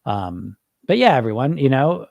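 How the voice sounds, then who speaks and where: A man's voice: medium pitch, big pitch swings, moderate pace, gravelly, a little mellow, no room sound. A man hosting a weight loss coaching podcast, talking casually and energetically with frequent restarts and asides while answering listeners live.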